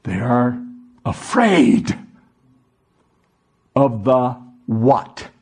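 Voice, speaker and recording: Husky, animated preaching man. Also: mid-range voice, extremely slow. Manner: animated preaching with call-and-response questions. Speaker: pastor. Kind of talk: sermon.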